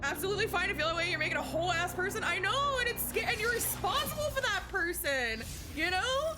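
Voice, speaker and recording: A woman with a high voice talks casually to her stream chat as she plays. She is candid, swears freely and circles back over the same words. Loud game music plays underneath her. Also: very animated, fast. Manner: candid, swears a lot, repeats herself. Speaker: live streamer. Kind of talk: casual chat while gaming.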